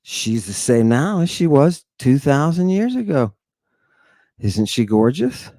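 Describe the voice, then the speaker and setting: A man giving a theatrical lecture on ancient texts, firing off rhetorical questions and dropping into hushed tones. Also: medium pitch, big pitch swings, a little slow, no echo. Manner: dramatic, rhetorical questions, sudden hushed drops.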